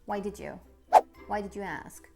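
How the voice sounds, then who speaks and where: A woman's voice: medium pitch, normal speed, gravelly, loud music behind the voice, voice pushed down, close to an everyday voice. A woman playing a sulky, angry schoolgirl with two ponytails in a coaching skit, whining and repeating her questions. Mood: indignant. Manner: whiny, repeats herself, childish nagging questions.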